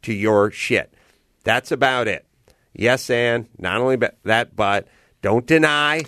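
A man in casual conversation, telling stories in a blunt, profane and animated way. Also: mid-range voice, takes it slowly, dry recording.

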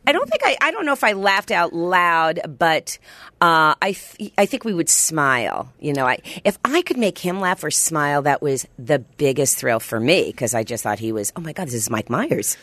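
A middle-aged woman chatting as a guest in an interview, animated and quick to jump up in pitch. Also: no echo. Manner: animated, pitch jumps high when excited. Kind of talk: casual interview chat.

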